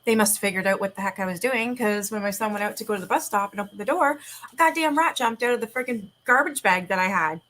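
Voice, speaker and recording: A woman's voice: mid-range voice, quick pace, fairly bright tone, a little hiss or hum, rough recording. Chatty woman with a sore throat. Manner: chatty, rambling, casual swearing, frequent laughs. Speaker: livestream host. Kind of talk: casual livestream chat and reading aloud. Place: at home.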